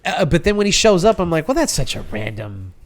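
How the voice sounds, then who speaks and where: An American man co-hosting a podcast, chatting casually about a movie, animated and profane, with many restarts. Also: fairly high pitch, a little fast. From United States. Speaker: podcast co-host. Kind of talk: casual movie review chat.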